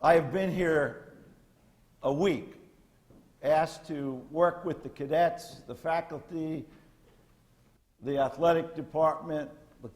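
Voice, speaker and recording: A man's voice: fairly high pitch, a little mellow. Older man, blunt retired Marine general. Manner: folksy, blunt military talk with salty asides. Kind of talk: lecture to cadets.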